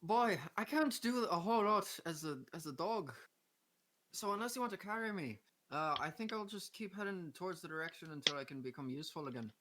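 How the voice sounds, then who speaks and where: A young man playing in a tabletop game, deadpan and joking, often swearing. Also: high-pitched, fairly quick, slight background noise. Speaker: player. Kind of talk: casual tabletop play over a call.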